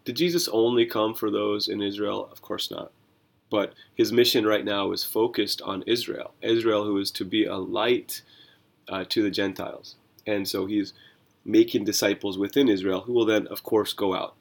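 Lively low-voiced man preaching. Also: normal speed, vocal fry. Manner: conversational, animated, rhetorical questions. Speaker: pastor and podcast host. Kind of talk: Bible reading commentary.

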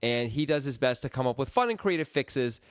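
Lively-voiced man co-hosting a podcast. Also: mid-range voice, a little fast, dry recording, studio quality. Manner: animated, jokey, playfully deadpan. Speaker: podcast co-host. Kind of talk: casual sports chat.

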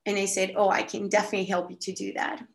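A woman telling a story casually on a podcast, animated and full of "like" fillers. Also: mid-range voice, quick pace, vocal fry. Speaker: podcast guest. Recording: echoey room.

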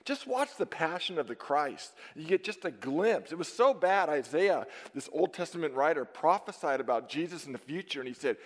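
A high-voiced man preaching with real fire, punching key words and then dropping to a near hush. His sermon rings out through a church sanctuary with a long, lingering reverb. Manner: emphatic, dynamic preaching with sudden drops to near-whisper. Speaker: pastor.

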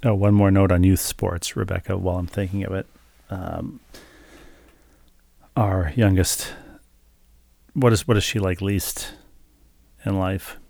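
A man's voice: low voice, steady tone, measured pace, gravelly, pauses often, a little mellow, dry recording. A middle-aged man co-hosting a podcast, telling a story in casual chat with dry, wry humor. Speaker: podcast co-host.

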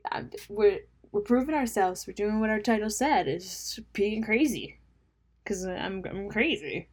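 A woman's voice: medium pitch, animated, unhurried, husky. A young woman hosting a casual solo podcast, rambling and self-mocking, laughing at her own jokes and dropping into mumbled asides. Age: young adult. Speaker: podcast host.

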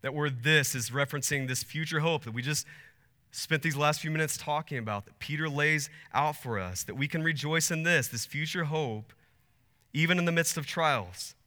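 A man's voice: on the high side, normal speed, bright, forceful tone. A man in his thirties preaching a sermon as pastor, earnest and building to emphatic peaks. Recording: long hall reverb.

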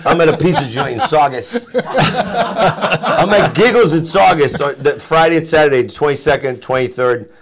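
A man, a comedian guest telling profane, animated stories in casual chat. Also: a little high, moderate pace, slightly rough. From East Boston. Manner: profane, animated storytelling with voiced quotes.

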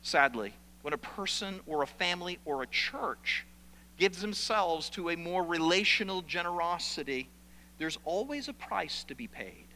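A man's voice: high-pitched, lively intonation, normal speed, pushed and bright, long reverb tail, a little hiss or hum, rough recording. A man preaching a sermon as pastor, animatedly acting out the complaints of church members.

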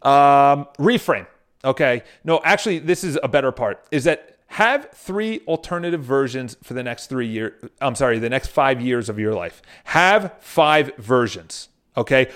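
A man's voice: mid-range voice, animated, measured pace, fairly bright tone, clean tone. A man speaking to viewers in a casual motivational monologue, telling stories with frequent restarts and casual swearing. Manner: addresses viewers directly.

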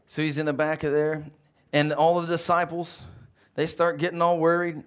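A male pastor delivers a lively sermon at a church service, firing questions at his listeners and drawing answers back. His voice sits somewhat high for a man. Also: fairly quick, vocal fry. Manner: animated, calls out questions to the congregation.

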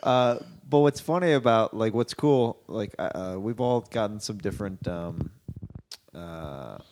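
A man with a somewhat low voice hosts a relaxed podcast conversation. He asks his guest questions in a halting way, with many restarts. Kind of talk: casual podcast chat.

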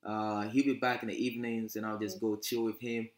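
A man, a podcast guest telling his life story in a relaxed, chatty way. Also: on the low side, fairly quick, roomy sound. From Ghana. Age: 20s. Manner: relaxed, chatty, frequent fillers. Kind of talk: casual interview storytelling.

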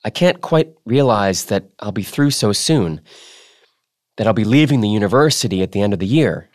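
Guy reading an unsure young student, halting and a little scared, dry close sound. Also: lowish voice, lively intonation, no room sound, close to an everyday voice. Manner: hesitant and quietly startled. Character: young male farm-boy student, unsure.

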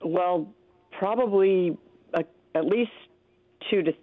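A woman calling in to a radio show, speaking in a hesitant, halting way with many fillers. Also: lowish voice, no echo. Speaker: caller. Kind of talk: call-in radio chat. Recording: tinny dry phone line.

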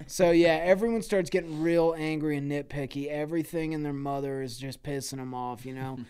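A man spinning a wild improvised story on a comedy podcast, loose and full of slang and swearing. His voice sits a touch high and comes through smooth and clean. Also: fairly even intonation, fairly quick, a little mellow. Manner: loose, profane, slangy riffing. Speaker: podcast co-host.

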